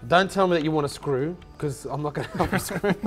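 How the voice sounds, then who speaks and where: A man's voice: on the high side, brisk, faint music behind. A man who teases a friend, laughs often and talks with his mouth full. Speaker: friend timing the build. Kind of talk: casual chat.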